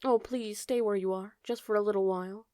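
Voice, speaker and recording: A woman's voice: medium pitch, steady tone, a little fast, mellow, no room sound, natural voice. A woman voicing a curious, polite young male fawn who speaks eagerly and with wonder, in a dry-sounding storybook reading.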